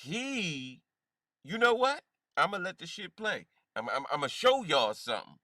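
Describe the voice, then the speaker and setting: Man, reaction streamer, mocking, heated, profane, bright edgy voice, somewhat high. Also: big pitch swings, a little slow, dry recording. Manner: heated, mocking, laughs often.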